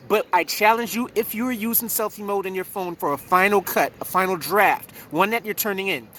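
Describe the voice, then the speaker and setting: A man's voice: high-pitched, a bit bright, a little hiss or hum. A man giving a casual video lesson on public speaking from his living room, recorded on a phone in selfie mode, talking conversationally and playing with rhymes. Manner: playful, conversational, rhyming catchphrases.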